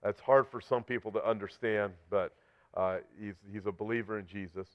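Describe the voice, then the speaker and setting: A man's voice: fairly low pitch, steady tone, normal speed. Earnest male Bible prophecy preacher. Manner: earnest, rises loud when reading scripture aloud. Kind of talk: sermon-style teaching. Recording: slightly dull lo-fi audio.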